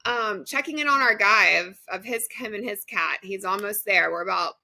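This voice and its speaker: A woman's voice: medium pitch, normal speed, vocal fry, pushed and bright. A young woman co-hosting a podcast, chatting casually and often laughing as she talks. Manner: chatty, laughs while talking. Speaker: podcast co-host. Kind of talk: casual chat.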